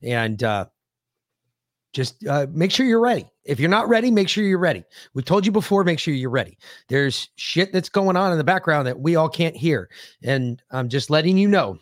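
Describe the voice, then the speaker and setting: Brief: male podcast co-host, higher-pitched voice, dry close sound, heated profane rants. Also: lively intonation, moderate pace, dry recording. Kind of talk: casual political podcast chat.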